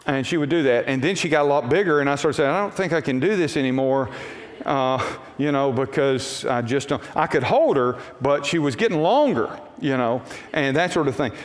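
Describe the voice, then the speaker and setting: A male pastor preaching a sermon, telling homey stories and acting out the voices in them. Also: fairly high pitch. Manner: folksy storytelling preacher, acts out voices in quotes. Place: church sanctuary. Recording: long reverb of a church hall.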